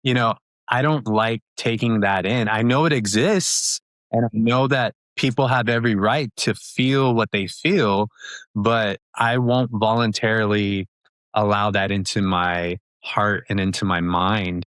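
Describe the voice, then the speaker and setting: A man in his thirties, an upbeat and chatty interview guest who talks quickly with many fillers and laughs. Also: fairly low pitch, fairly even intonation, a bit bright, no room sound. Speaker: podcast guest. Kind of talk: casual interview talk.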